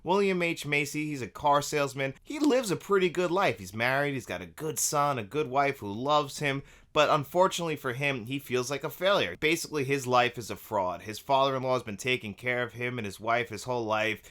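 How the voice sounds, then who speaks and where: A man's voice: medium pitch, bright, forceful tone. A man from New York giving an enthusiastic, conversational review of a film.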